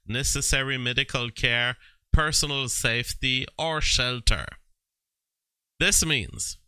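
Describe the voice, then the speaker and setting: A man's voice: medium pitch, bright, forceful tone, smooth, no room sound. A man from Quebec hosting a livestream, commenting on news and reading viewer chat with frequent fillers and restarts. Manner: slow, drawn-out delivery with frequent fillers and restarts.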